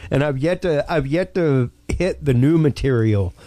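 A man's voice: a little high, animated, normal speed, mellow, dry recording. A man hosting a podcast, speaking enthusiastically and casually, with frequent ums and repeated words. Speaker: podcast host.

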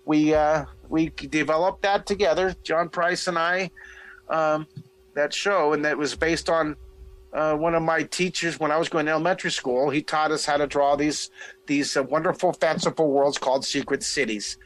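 A middle-aged man telling a story in a casual interview, animated, restarting sentences and acting out what people said. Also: fairly high pitch, moderate pace, poor audio. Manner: animated, lots of restarts, acts out quoted voices. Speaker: guest telling his career story.

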